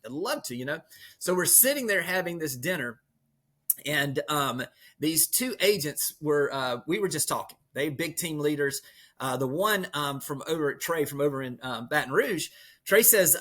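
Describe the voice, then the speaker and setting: A man, a podcast guest, speaking as an energetic motivational storyteller who leans on metaphors. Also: fairly high pitch, normal speed. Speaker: podcast guest, real estate leader. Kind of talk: motivational conversation.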